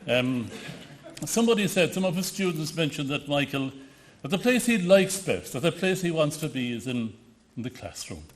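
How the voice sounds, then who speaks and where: Speaking at an award ceremony, a man from the west of Ireland with a Connemara accent delivers an anecdotal tribute. His voice is on the high side and sing-song, at a moderate pace, and he keeps restarting and hesitating as he tells his stories.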